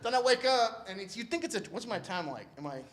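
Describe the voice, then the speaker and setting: High-voiced man telling a story live. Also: sing-song, quick pace, background noise. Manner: casual, slangy, laid-back. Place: church event stage.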